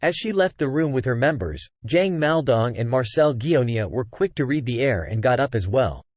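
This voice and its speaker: Guy reading a fantasy novel out loud, voice moves around a lot, dead dry recording. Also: mid-range voice, expressive, normal speed, dry recording. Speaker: audiobook narrator. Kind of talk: scripted narration of a web novel.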